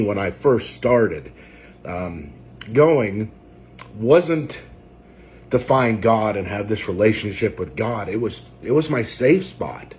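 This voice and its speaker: A man preacher sharing his personal testimony unscripted, in a halting and reflective way, with frequent pauses and fillers. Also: lowish voice, animated, a little mellow.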